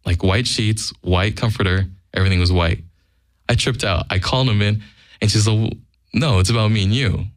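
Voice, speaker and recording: A little fast and on the low side, a man serves as guest storyteller, bluntly sharing a casual, profane anecdote and acting out the quotes. The clean studio sound has no room sound.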